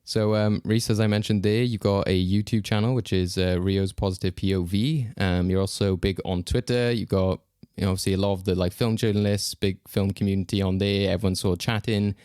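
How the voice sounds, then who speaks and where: A low-voiced man hosting a casual film podcast, chatting freely and often stopping to restart his sentences with ums and uhs. His voice is recorded close and dry, with no room sound around it. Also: fairly even intonation, brisk, darkish tone, smooth, no room sound. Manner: chatty, hesitant with fillers and restarts. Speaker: podcast host.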